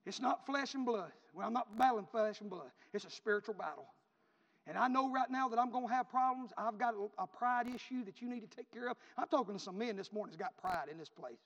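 A man preaching a sermon, repeating phrases in a rhythmic build that rises to shouts. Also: sits high, lively intonation, fast, hardly any pauses. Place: church. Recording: reverberant hall, dull lo-fi.

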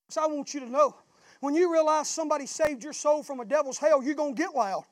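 A pastor delivering a fiery sermon in a strikingly high, dry voice, recorded close with no room echo. He builds his points into passionate, shouted refrains. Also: a little fast. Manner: southern-style preaching, swells into shouting.

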